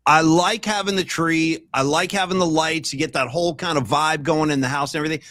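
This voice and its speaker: Lively middle-aged podcast host, higher voice. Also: male voice. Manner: energetic, quick interjections. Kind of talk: casual podcast chat.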